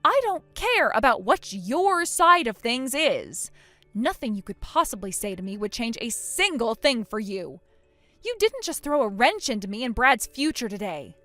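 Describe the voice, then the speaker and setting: An injured young bride speaks with icy scorn, her voice rising high and dropping low. It is a dry, close recording with faint music behind. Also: very animated, normal speed, sharp tone, dry recording. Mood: scornful. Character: furious injured young bride, cold and cutting. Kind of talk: text-message story voice acting.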